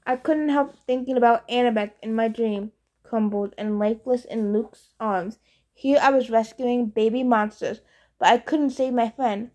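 Expressive woman reading an audiobook. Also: a little high. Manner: casual, expressive teen voice. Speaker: audiobook narrator. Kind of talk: first-person novel narration.

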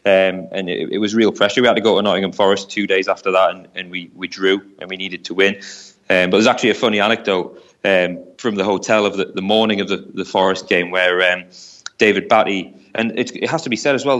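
A man with a lowish voice talks quickly through a football memory, doubling back on words as he goes. It sounds like a relaxed podcast chat between fans, loose and unscripted. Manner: rambling, repeats words while thinking. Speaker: football pundit, Newcastle fan. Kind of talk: casual podcast discussion.

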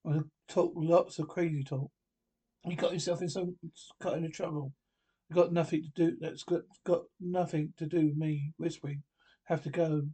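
A man reads a drama aloud and voices every role himself, often stumbling and restarting his lines. His voice is mellow and sits somewhat high for a man. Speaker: reader voicing every part.

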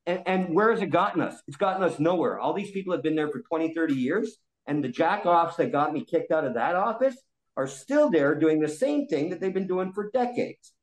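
A man in his forties vents his frustration in a heated podcast discussion. His voice sits a little high and he swears freely, with an angry, blunt, insistent tone. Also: expressive, a little fast, low-quality recording. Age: 40s. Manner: angry, profane ranting. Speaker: roundtable guest.

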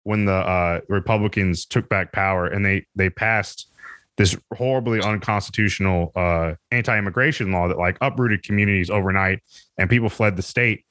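A man's voice: low-pitched, moderate pace, fairly bright tone, no echo. A man chatting casually on a podcast, rambling and swearing with lots of laughs. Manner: rambling, profane, laughs a lot. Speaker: podcast co-host or guest.

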